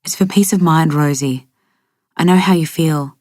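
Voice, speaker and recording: A woman reading as a soft, coaxing stepmother. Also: low-pitched, normal speed, dry recording, clean studio sound, natural voice.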